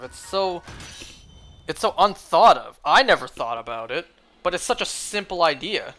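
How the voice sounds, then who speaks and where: Bright-voiced rambling male streamer. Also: a little high, expressive, a little slow. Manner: rambling, filler-heavy talk with many "like"s. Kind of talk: casual livestream chat while shiny hunting.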